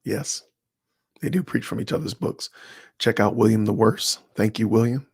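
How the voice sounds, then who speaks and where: Gravelly man casually chatting on a livestream. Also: on the low side, moderate pace, no room sound, studio quality. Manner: animated, talks to chat viewers by name, slangy. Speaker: livestream host. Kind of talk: casual livestream chat reading comments.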